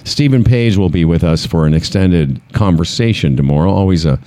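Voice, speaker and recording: Low-voiced wisecracking male show host. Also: animated, fairly quick, mellow. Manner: joking, self-deprecating, wry. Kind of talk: casual comedic banter.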